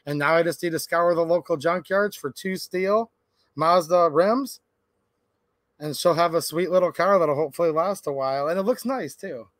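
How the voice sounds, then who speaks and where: A man in his thirties talks casually to his viewers on a livestream, his voice sitting a little higher than most men's. He rambles through a story with plenty of "like" and restarts. The sound is dry and close, with no room echo. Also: moderate pace. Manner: rambling storytelling with many fillers. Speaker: livestream host.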